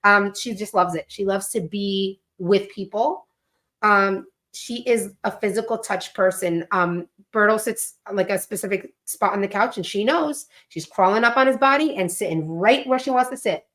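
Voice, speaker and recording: A woman's voice: mid-range voice, moderate pace. A woman co-hosting a podcast, chatting casually about her children and often acting out their voices. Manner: chatty, animated when quoting her kids. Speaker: podcast co-host, mother. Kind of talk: casual chat.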